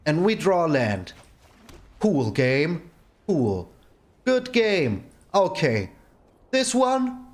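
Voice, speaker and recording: A man's voice: on the high side, big pitch swings, very slow, pauses often. A man hosting his own gaming channel, giving casual gameplay commentary and exclaiming in exasperation at his bad luck.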